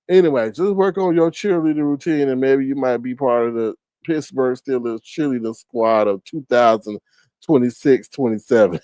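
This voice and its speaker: A man hosts a livestream of casual roast commentary, speaking at normal speed with a darkish tone in a dry, studio-quality recording. His roasting is sassy and theatrical, and his pitch swings widely.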